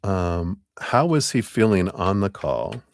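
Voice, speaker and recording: A man giving a live tarot reading to a client, talking in a casual, gentle, rambling way with many fillers. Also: deep voice, lively intonation, takes it slowly, creaky. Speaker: tarot reader.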